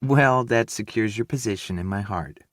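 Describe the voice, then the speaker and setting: Male narrator voicing a playful Southern mother, drawn-out vowels, audiobook. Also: lowish voice, dry recording, clean studio sound, voice pushed up, lightly acted. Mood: teasing. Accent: Southern US drawl. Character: middle-aged Southern mother, teasing and affectionate.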